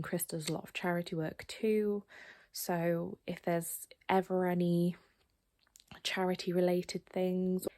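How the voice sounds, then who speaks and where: A young woman from England chatting casually to camera at home at night, often dropping to a soft whisper. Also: lowish voice, gravelly. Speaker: vlogger.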